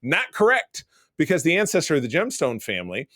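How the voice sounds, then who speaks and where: A man's voice: fairly high pitch, wildly swooping pitch, fairly quick, a bit bright, no echo. Chatty man with a dry close sound. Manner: rambling, chatty show recaps. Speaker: podcast host. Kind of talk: casual chat.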